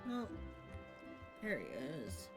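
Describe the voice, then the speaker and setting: A man's voice: high-pitched, wildly swooping pitch, slow pace. A trans man streaming a role-playing game in casual chat, laughing, swearing and poking fun at himself. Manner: laughing, swearing, self-mocking. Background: game music.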